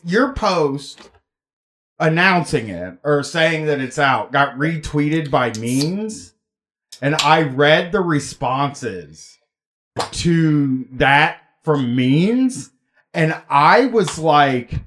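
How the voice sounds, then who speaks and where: A man with a fairly high voice hosts a casual podcast. He rambles and restarts, with a wry tone. His talk is loose and conversational. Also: expressive, very slow, a bit bright. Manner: rambling, self-interrupting, wry. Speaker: podcast host.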